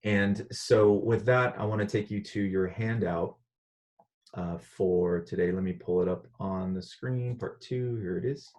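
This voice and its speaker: Deep-voiced man teaching a lesson. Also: measured pace. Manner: relaxed, conversational, frequent "uh" fillers. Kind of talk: recorded online lesson.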